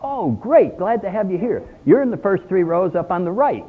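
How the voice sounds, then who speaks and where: A man's voice: sits high, expressive, moderate pace, voice pushed up. A man playing a cheerful male usher who welcomes people to a meeting. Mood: cheery welcoming. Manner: upbeat, welcoming. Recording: tinny phone-like sound.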